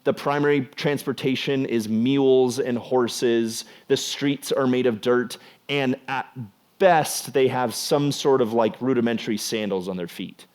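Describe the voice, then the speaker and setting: A man's voice: mid-range voice, a little slow, a little mellow. Casual young man preaching to teens. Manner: conversational, filler-heavy with frequent "like". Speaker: youth pastor. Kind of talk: casual youth sermon.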